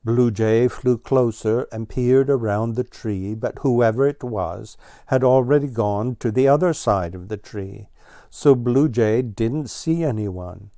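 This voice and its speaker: A man reading a children's storybook aloud as narrator, in a gentle, even storytelling manner. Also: medium pitch, slow pace, no echo, studio quality.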